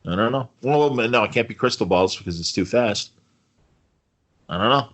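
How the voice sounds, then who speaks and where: A man's voice: on the low side, normal speed, a bit bright. A man co-hosting a podcast, chatting casually and joking about a TV episode, with rambling restarts and fillers. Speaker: podcast co-host. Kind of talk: casual chat reviewing a TV episode.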